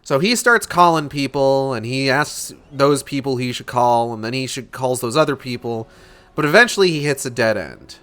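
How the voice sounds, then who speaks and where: A man's voice: mid-range voice, moderate pace, fairly bright tone. A young man hosting a book club stream, reading a novel aloud and breaking in with sarcastic, profane commentary.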